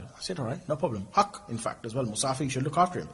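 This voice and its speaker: Fast-talking husky preacher man. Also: mid-range voice. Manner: lively, acts out dialogues in different voices. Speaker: Islamic preacher. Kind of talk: animated Islamic lecture with storytelling.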